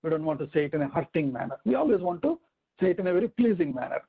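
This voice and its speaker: A man teaching a weekly scripture class, explaining step by step with rhetorical questions and slow recitations. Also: a little high, sing-song, vocal fry, husky, narrow, tinny audio. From India. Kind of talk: weekly online scripture lesson.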